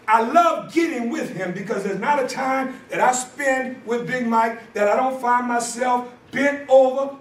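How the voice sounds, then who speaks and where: High-voiced man preaching in an echoey hall. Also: far from the mic. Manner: animated, often shouting for emphasis. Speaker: conference speaker. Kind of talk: sermon-style storytelling. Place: church conference hall.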